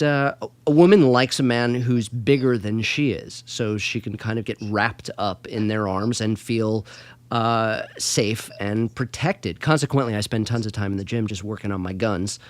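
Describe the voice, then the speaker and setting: A man's voice: medium pitch, no room sound. A man co-hosting a casual chat show, teasing and joking with the guest. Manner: jokey, teasing. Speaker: podcast co-host.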